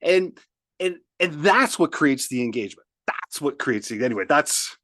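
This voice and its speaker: A man being interviewed as a guest speaker, telling lively stories with many restarts. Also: a little high, moderate pace, no echo, studio quality. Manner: energetic storyteller, many restarts. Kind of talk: podcast interview.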